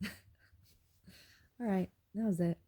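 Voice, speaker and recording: A young adult woman casually retelling a dream for her journal, rambling and animated. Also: mid-range voice, extremely slow, slight background noise. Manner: rambling and animated, with laughs and restarts. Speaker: vlogger.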